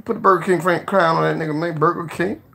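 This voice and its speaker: A man hosting a casual live stream, joking, cursing freely, laughing often and giving shout-outs to viewers. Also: a little high, steady tone, quick pace, gravelly, noisy background.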